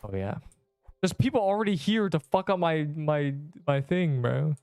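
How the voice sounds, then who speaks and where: Young man streaming a game, smooth voice. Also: a little high, expressive, normal speed, a little mellow, no echo, soft background music. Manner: rambling, slangy, talks to chat while playing. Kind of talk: casual gaming livestream chat.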